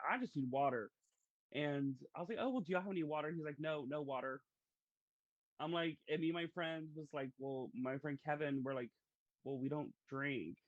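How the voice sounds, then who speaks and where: A man's voice: mid-range voice, no room sound, lo-fi sound. A man hosting a podcast, telling stories in a chatty, casual way. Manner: chatty, storytelling, uses fillers. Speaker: podcast host. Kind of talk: casual conversation.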